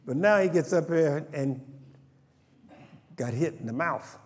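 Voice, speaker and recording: A man preaching a sermon in a lively, colloquial way, calling out to his congregation. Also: on the high side, unhurried, long pauses. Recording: echoey hall reverb.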